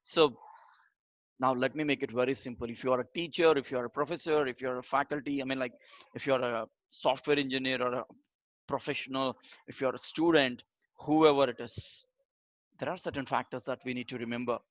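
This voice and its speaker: A man teaching a live online communication class in an energetic, motivational way, talking straight to his audience and repeating phrases for emphasis. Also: mid-range voice, fairly quick, no echo. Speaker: communication trainer.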